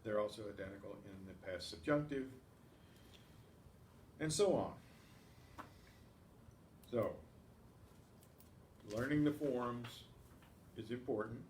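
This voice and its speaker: A man's voice: medium pitch, slow, long pauses, darkish tone, slight background noise. Methodical male teacher in an echoey room. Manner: patient, methodical, recites verb conjugations in drills. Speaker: Spanish teacher. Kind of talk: classroom lesson. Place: community class room. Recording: roomy echo, faint ambience.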